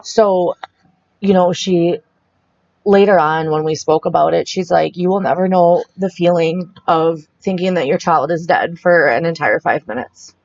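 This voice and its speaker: Low-voiced woman recounting a frightening night. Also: fairly even intonation, vocal fry, a little mellow, no room sound. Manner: halting, retells the scene with quoted dialogue. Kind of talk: emotional personal storytelling. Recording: dull, muffled dry sound.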